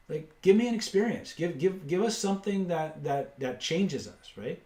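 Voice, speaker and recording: A man hosting a live webinar, pitching course packages, reading out prices and answering chat questions with blunt asides. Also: lively intonation, moderate pace, few pauses, dark tone, echoey room. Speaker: webinar host and seller.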